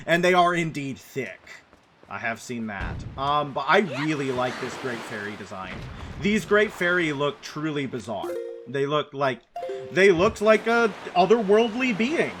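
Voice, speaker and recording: A man's voice: on the high side, very animated, a little slow, noisy background. A man casually commenting on a game as a streamer, playful and prone to sing-song bits. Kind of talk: casual let's-play commentary.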